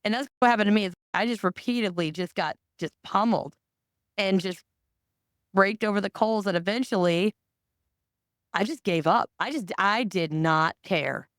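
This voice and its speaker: A woman's voice: mid-range voice, normal speed, fairly bright tone, dry recording, studio quality. A woman hosting a podcast, chatting casually in a blunt, candid way and swearing freely. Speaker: podcast host. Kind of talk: casual chat.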